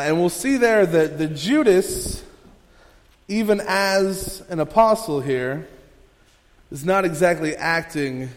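A male pastor preaching a sermon in a conversational way, with many fillers and restarts. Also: on the high side. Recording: long hall reverb.

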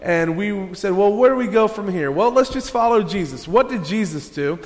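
A male pastor with a fairly high voice preaches in a relaxed, joking way. He talks straight to his congregation and pulls them into little exercises. His voice rings out with a long echo in a large hall. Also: normal speed. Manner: casual, joking, interactive with congregation. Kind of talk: sermon.

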